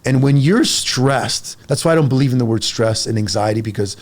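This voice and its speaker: A man in his forties, a fitness coach talking on a casual podcast, emphatic and animated, speaking in quick bursts with repeated words. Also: medium pitch. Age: 40s.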